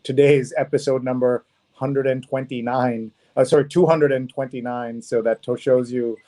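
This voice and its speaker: A man hosting an online interview show, speaking haltingly with frequent restarts. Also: medium pitch, fairly even intonation, warm tone. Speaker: host. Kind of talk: casual video-call interview.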